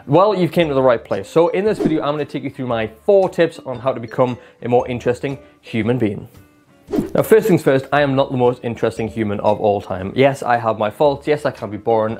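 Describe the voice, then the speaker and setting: A man's voice: mid-range voice, a little mellow. A man giving casual advice to camera as a self-improvement vlogger, chatty and self-deprecating, and he demonstrates different voices and tones as he explains.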